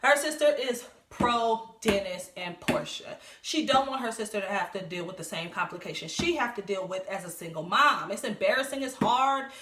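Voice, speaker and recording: A woman's voice: medium pitch, animated, normal speed, hardly any pauses, roomy sound, background noise. A woman giving casual recap commentary on a reality show, talking bluntly and profanely and laughing often.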